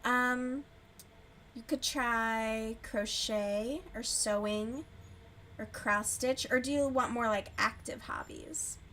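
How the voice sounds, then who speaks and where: A woman with a somewhat high voice chats casually on a livestream as she crochets. She talks loosely, swears freely and replies to her viewers' messages as they come in. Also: slow, sharp tone, a little hiss or hum. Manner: chatty, swears freely, answers chat aloud. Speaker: livestream host. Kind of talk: casual chat while crocheting.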